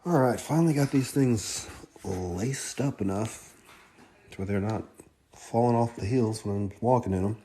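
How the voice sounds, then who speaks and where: A man's voice: on the low side, normal speed, warm tone, slight background noise. A man doing a casual sneaker unboxing vlog, loose and profane, with muttered asides. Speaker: sneaker vlogger.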